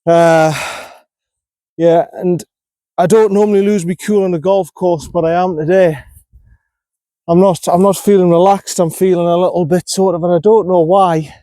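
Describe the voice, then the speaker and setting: Out on the course, this man from North East England talks himself through every shot of his golf vlog, annoyed and hard on himself. He speaks at a moderate pace in a high-pitched, dark-toned voice with fairly even intonation, and there's no room sound.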